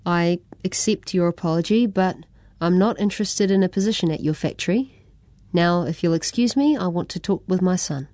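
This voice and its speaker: A woman voicing a calm, dignified working father who speaks slowly, reading a storybook aloud. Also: on the low side, no echo, studio quality, lightly acted. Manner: slow, dignified.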